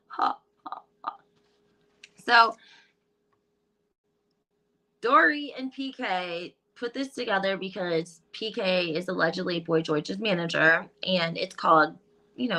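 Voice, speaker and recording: A woman's voice: mid-range voice, bright, forceful tone. A woman hosting a lighthearted, chatty gossip talk with playful asides. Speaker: host. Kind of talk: casual gossip chat.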